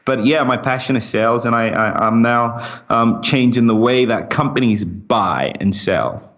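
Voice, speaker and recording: A man's voice: mid-range voice, a little slow, fairly bright tone, lo-fi sound. A man with a British accent and a slight American twang, an upbeat podcast guest who laughs easily. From England. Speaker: guest, company CEO. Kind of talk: casual interview chat.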